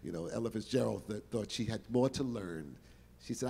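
An older man telling showbiz stories on stage, animated and exclamatory, repeating words for emphasis. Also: lowish voice, a little fast, gravelly, breathy edge, big-room sound. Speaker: guest performer telling stories. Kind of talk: animated storytelling interview. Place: stage in a large hall.

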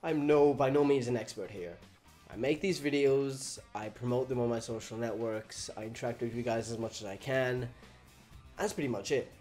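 A man's voice: medium pitch, normal speed, darkish tone, faint music behind. Chatty teenage guy answering questions. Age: teens. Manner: chatty, joking, swears casually. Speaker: YouTuber answering viewer questions. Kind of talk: casual Q&A vlog.

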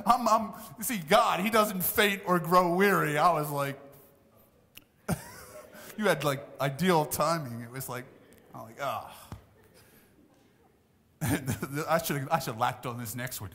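Man in his 60s, pastor, high bright voice, long church hall reverb, chatty emphatic preaching. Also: lively intonation, slow pace, long pauses. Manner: conversational, emphatic preaching with asides and laughs. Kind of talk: sermon. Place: church sanctuary.

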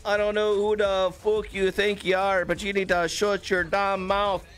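A man putting on a trash-talking male fighter, drawn-out and swearing. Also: sits high, level tone, a bit bright, faint music behind, pitched above the performer's own voice. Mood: threatening. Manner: aggressive, swearing, drawn-out threats.

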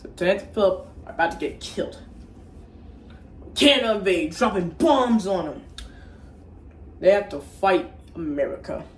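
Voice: mid-range voice, lively intonation, normal speed, pauses often, distant mic, slight background noise. A casual online reviewer recapping a movie in a rambling, crude and profane way, with frequent restarts. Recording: roomy echo, faint background ambience.

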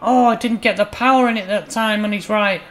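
A man with a high, light voice runs a gaming channel and calls his own football game matches like a broadcast commentator. He keeps an easy patter through the build-up and jumps sharply louder when a shot goes close or the ball hits the net. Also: moderate pace. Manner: excitable, bursts loud on chances and goals. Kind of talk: playful mock match commentary over gameplay.

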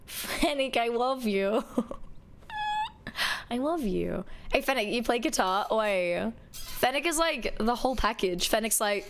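A woman streams a game live and chats playfully with her viewers. Her voice sits a little high, with light, easy banter. A faint hiss runs underneath. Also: huge pitch swings, slow, pauses often. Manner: playful, chatty, talking to chat. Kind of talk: casual live-stream chat.

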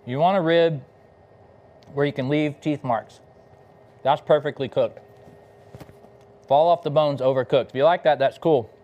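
A man's voice: on the high side, unhurried, pauses often, highs cut off. A middle-aged man from Texas, a barbecue pitmaster chatting casually between bites while hosting a live cooking demo. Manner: laid-back and enthusiastic, talking between bites.

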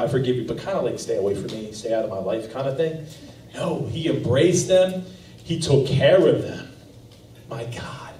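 A man preaching an earnest, conversational sermon, with a mellow, dark tone. He stands back from the mic in a roomy church sanctuary, captured on a live recording with faint background hiss. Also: mid-range voice, distant mic. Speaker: pastor.

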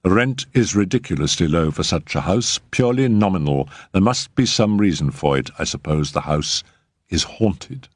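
A man voicing a cool, practical, brusque middle-aged woman, speaking dryly and slowly. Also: low-pitched, expressive, dry recording. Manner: dry, slow, measured. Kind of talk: audiobook character reading.

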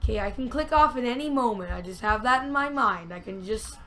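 Bright-voiced woman narrating a game. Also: fairly high pitch, a little fast, a little hiss or hum. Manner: chatty, narrates every move to herself, excitable. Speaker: gamer. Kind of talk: let's-play commentary.

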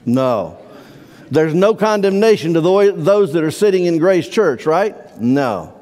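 A man's voice: high voice, normal speed, a little mellow. A man preaching a sermon as pastor, earnest and emphatic, drawing out key words. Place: church sanctuary. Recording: long reverb of a church hall.

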